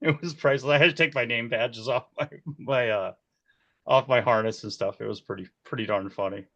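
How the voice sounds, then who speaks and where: Forties male guest, animated storyteller, laughs a lot, average pitch, slightly muffled lo-fi audio. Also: fairly quick. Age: 40s. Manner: animated, laughs often, acts out quoted voices. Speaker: key grip, interview guest. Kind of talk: casual storytelling.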